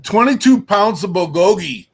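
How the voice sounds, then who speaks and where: A man's voice: sits high, lively intonation, moderate pace, slightly rough. A man hosting a casual show, enthusiastic and rambling, with many ums and uhs. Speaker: podcast host.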